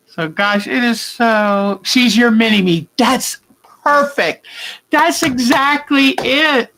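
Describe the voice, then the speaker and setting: In her quilting vlog, this older host chats live with viewers in a warm, casual way, welcoming them by name and drifting into rambling asides. She speaks very slowly and expressively, pausing often, in a voice on the high side, and the recording is low quality.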